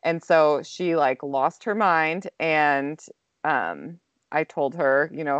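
A young mother chats casually, her voice a touch low and her story full of "like" fillers. She sounds close and dry on a slightly dull recording. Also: expressive, slow, dry recording. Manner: chatty storytelling, many "like" fillers. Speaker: co-host, mother. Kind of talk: casual podcast chat.

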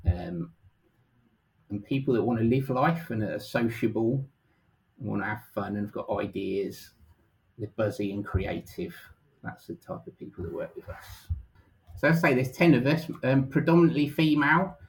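A middle-aged man speaking as an interview guest, relaxed and casual, with many hesitant ums. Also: mid-range voice, moderate pace, poor audio. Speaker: guest, financial planner.

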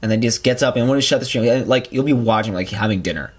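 A young man in casual podcast chat, talking fast with many fillers and laughs. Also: medium pitch, husky. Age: young adult. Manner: quick, laughing, filler-heavy chatter.

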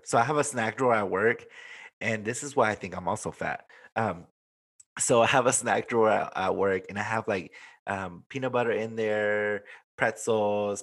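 Lowish man's voice, casual podcast talk, laughing, cursing, some Spanish phrases. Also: a bit bright. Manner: swearing, laughs often, mixes in Spanish. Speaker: podcast co-host. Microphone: desk microphone, close.

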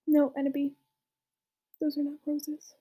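A gruff, pushy giant of a groundskeeper, as a woman reads his lines. The voice stays high and even, with a mellow tone and a mock-serious, deadpan edge. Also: unhurried.

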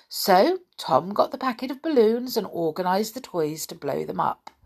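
A woman's voice: lowish voice, vocal fry. A woman reading a children's story aloud expressively, with amused asides.

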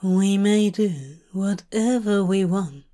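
A woman voicing a composed male lover in an audiobook fanfic reading, speaking softly and formally. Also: medium pitch, expressive. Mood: soft tender. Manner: soft, formal, unhurried.

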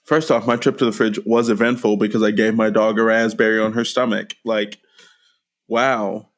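A fairly low-pitched man co-hosting a casual movie podcast. He teases his co-host in mock-formal tones and rambles loosely through his stories. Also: level tone, normal speed. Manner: teasing, rambling storyteller. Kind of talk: casual chat.

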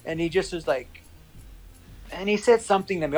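A man in casual chat, telling a story in a profane, animated way and acting out quoted lines. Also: a little high, fast, soft background music, rough recording.

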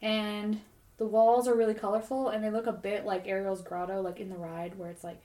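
A woman's voice: mid-range voice, brisk. Woman co-host rambling thru a dream story, lots of "like", middle voice, echoey room. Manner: rambling, animated storytelling full of "like". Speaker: podcast co-host. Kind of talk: casual chat, telling a dream. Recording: roomy echoey recording.

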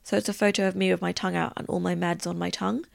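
A woman's voice: fairly low pitch, level tone, racing, creaky, no room sound, studio quality. A young woman, hosting a podcast and telling stories in a chatty, rambling way with lots of "like". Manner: chatty, rambling, heavy use of "like". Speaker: podcast host. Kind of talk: casual storytelling chat.

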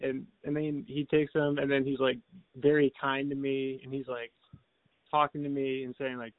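A man's voice: medium pitch, little pitch movement, moderate pace, dry recording, phone-quality sound. A man on a podcast telling a long rambling story in casual chat, full of restarts and little laughs. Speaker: podcast co-host.

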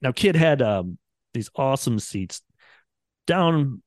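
A man's voice: medium pitch, expressive, slow, a little mellow, dry recording, studio quality. A man, a radio producer chatting casually on a podcast and acting out quotes from the people in his stories. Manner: rambling storyteller, acts out quotes.

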